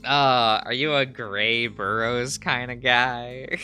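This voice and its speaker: A man's voice: mid-range voice, steady tone, takes it slowly, bright, forceful tone, faint music behind. A man chatting casually on a stream while drawing, giggling often and rambling as he searches for words. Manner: giggly, laughs often between phrases.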